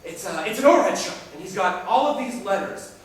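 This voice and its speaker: A man in a rambling, halting casual chat, often breaking into laughter. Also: high voice, expressive. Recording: echoey room from far off.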